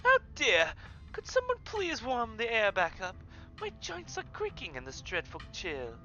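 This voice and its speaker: Guy doing a high fussy old granny voice, frail and whiny, kinda lo-fi. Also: huge pitch swings, a little slow, pushed and bright, faint music behind, full character voice. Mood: fretful.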